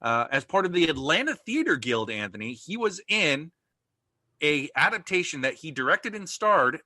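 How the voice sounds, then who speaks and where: A man's voice: fairly high pitch, big pitch swings, normal speed, pushed and bright, no echo, clean studio sound. A man co-hosting a podcast, chatting casually with playful, jokey banter. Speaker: podcast co-host. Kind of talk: casual chat.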